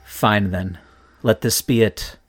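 A man voicing a wry, formal male pirate captain who speaks in measured tones. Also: fairly low pitch, fairly even intonation, soft background music.

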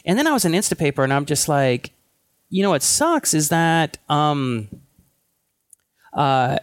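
A man co-hosting a casual tech podcast, thinking aloud in a loose, halting way with frequent restarts. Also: a little high, very animated, smooth, no echo, studio quality. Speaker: podcast co-host.

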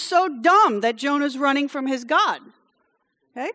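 A woman with a high voice preaches in a church. She tells the story in a chatty, conversational way, breaking off for wry asides and checking in with "okay?". Her voice rings with the long reverb of a large hall. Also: animated, unhurried, pushed and bright. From France.

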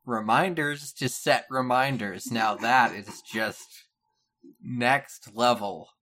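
A man's voice: mid-range voice, slow, sharp tone. A man co-hosting a casual podcast, making dry, skeptical comments about the product. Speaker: podcast co-host.

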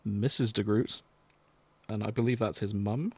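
A man's voice: fairly low pitch, normal speed, darkish tone, breathy edge, no room sound. An English man hosting a casual podcast chat, easygoing and organizing, often chuckling. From England. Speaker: podcast host.

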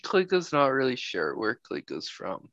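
A man's voice: medium pitch, huge pitch swings, normal speed, a bit bright, no echo, dull audio. A man playing in a tabletop game, chatting in an easygoing way. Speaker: player. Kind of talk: casual chat.

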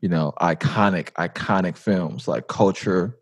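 A man hosting a podcast interview in a casual, relaxed way, with halting phrasing, fillers and slang. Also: low-pitched, breathy edge, no echo. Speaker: podcast host.

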